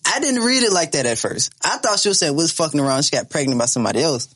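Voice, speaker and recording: A man in his twenties telling a story in casual podcast chat, animated and profane, laughing as he talks. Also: fairly high pitch, racing, breathy edge. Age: 20s. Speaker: podcast co-host.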